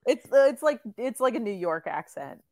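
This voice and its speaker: A woman co-hosting a casual podcast chat among friends, animated and quick to laugh, talking in fast bursts. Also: a little high, dry recording, clean studio sound. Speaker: podcast co-host.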